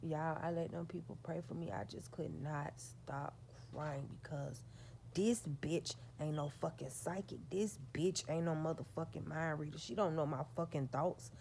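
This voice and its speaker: A woman with a low, gravelly voice tells a story to her viewers. She talks straight to them, swears freely and leans hard on her points. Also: steady tone, moderate pace, mellow, slight background noise. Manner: profane, emphatic, talks straight to her audience. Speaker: vlogger.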